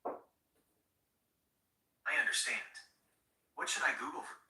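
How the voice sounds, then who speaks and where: A man's voice: unhurried, sharp tone, recorded from a distance. A male AI voice assistant speaking in a polite, formal, apologetic, scripted way, played through a speaker. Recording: played through a speaker in a roomy space, away from the mic.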